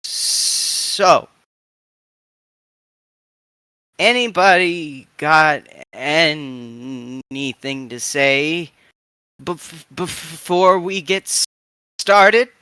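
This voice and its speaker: A man voicing a frail, shrewd old woman who stutters and speaks slowly in a tabletop game. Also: on the high side, lively intonation, sharp tone, smooth, no room sound, exaggerated voice. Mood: blunt. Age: older. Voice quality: stuttering, slow voice. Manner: sly, calculating. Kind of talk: tabletop role-play voicing.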